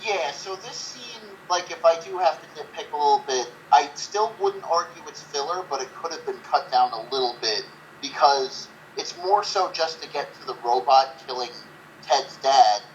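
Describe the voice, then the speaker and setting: A man's voice: fairly high pitch, animated, normal speed, slight background noise, low-quality recording. A man co-hosting a casual movie review podcast, rambling with lots of fillers and swearing. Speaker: podcast co-host.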